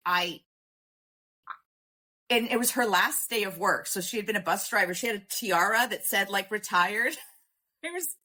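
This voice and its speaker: Canadian woman rambling thru a story, bright forceful voice, lots of likes and ums. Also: medium pitch. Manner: rambling, with many fillers and laughs. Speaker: guest. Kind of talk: casual storytelling.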